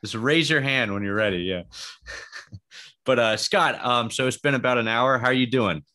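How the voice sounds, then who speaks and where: A man's voice: medium pitch, normal speed, pushed and bright. A man hosting a podcast interview, chatting in an easygoing, joking way. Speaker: podcast host. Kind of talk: casual chat.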